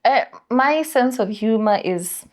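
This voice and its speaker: A woman's voice: fairly high pitch, animated, slow. A woman chatting casually as a podcast co-host, laughing often as she tells stories. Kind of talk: casual chat.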